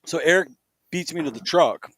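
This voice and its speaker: A podcast co-host with a slightly high voice tells a story at normal speed in casual conversation, animatedly acting out the voices he quotes. There's no echo on the recording.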